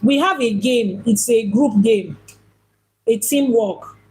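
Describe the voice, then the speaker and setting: A woman with a husky, fairly high voice teaches on spiritual matters as an Ifá priestess. She talks emphatically and often repeats a phrase to drive the point home. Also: slow, a little mellow, low-quality recording.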